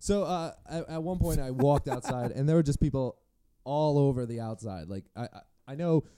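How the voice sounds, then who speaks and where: A man's voice: medium pitch, moderate pace, dark tone, clear, resonant tone, no room sound, studio quality. A man co-hosting a podcast, telling rambling stories in casual chat, laughing and swearing. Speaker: podcast co-host.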